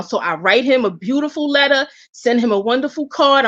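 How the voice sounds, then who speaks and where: A woman with a slightly high voice tells a personal story with candid energy, often stumbling and restarting mid-sentence. The audio is somewhat dull and lo-fi. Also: a little fast, few pauses. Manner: candid, animated, with frequent restarts. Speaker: guest. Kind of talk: casual storytelling.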